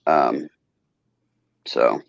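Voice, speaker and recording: A man co-host in casual chat, relaxed and hesitant with many fillers. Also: very deep voice, extremely slow, creaky. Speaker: podcast co-host. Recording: dull lo-fi recording.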